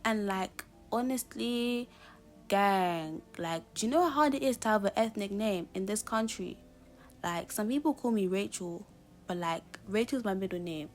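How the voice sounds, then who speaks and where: Young woman from Zimbabwe, vlogger at home doing her makeup, easy chatty delivery, middle pitch. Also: animated, normal speed, faint music behind. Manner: casual, fills speech with "like" and talks straight to "guys". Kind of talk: candid personal storytelling.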